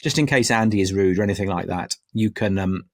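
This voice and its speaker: A man's voice: fairly low pitch, quick pace. A man hosting a podcast for church leaders, chatting casually and teasing his guests in a playful way. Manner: playful, teasing, lively intonation. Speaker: podcast host.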